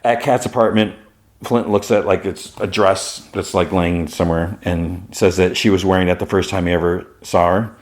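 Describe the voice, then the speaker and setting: A low-pitched male podcast host retells an episode scene by scene in an easygoing, chatty way. He keeps slipping in "he's like" and "she's like" as he paraphrases what the characters say. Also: fairly even intonation, moderate pace. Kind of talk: casual recap of a TV episode.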